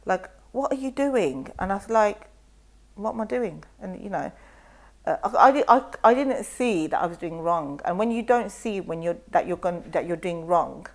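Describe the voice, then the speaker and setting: A middle-aged woman, a guest on a talk show, telling her story in a lively way and acting out what others said. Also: on the low side, moderate pace. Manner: animated storytelling, acts out quotes. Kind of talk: casual chat.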